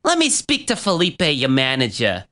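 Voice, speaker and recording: A man's voice: fairly high pitch, huge pitch swings, normal speed, pushed and bright, exaggerated voice. A man putting on a cocky mid-forties male district manager with a Massachusetts accent and a smug swagger. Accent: Massachusetts (put on). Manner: smug, self-satisfied swagger.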